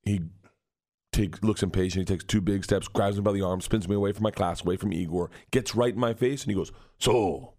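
A comedian man telling a wild story in a radio studio, loud and laughing, acting out the voices of the people in it. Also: lowish voice, brisk. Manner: loud, laughing, acts out voices in his stories. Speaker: comedian guest. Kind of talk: animated storytelling.

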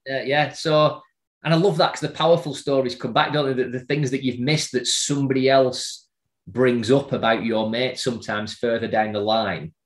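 A middle-aged man telling a personal story in casual conversation, halting and repeating words as he remembers. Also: mid-range voice, fairly even intonation, roomy sound. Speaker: guest.

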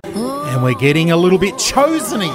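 A man's voice: high voice, very animated, music in the background. A man hosting breakfast radio, chatty and joking with his co-host. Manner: chatty, joking, quick to laugh. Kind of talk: upbeat radio banter. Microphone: studio microphone.

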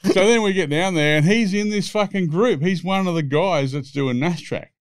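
A man's voice: high voice, moderate pace, clean tone, no echo. Aussie bloke in his 60s, cursing constantly through long rambling yarns, dry recording. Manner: profane, rambling anecdotes. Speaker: podcast guest. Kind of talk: casual storytelling.

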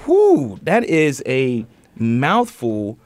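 A man's voice: medium pitch, expressive, unhurried, dry recording. A man hosting a news podcast, reading stories and then chatting about them with many fillers and restarts. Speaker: podcast host.

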